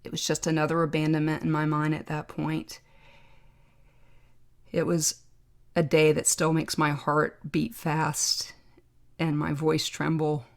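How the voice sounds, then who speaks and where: A middle-aged woman hosting a podcast, telling a personal story in a reflective, emotional way with pauses. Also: low-pitched, completely flat delivery, gravelly. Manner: reflective, emotional, pausing to remember. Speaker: podcast host, trauma doctor.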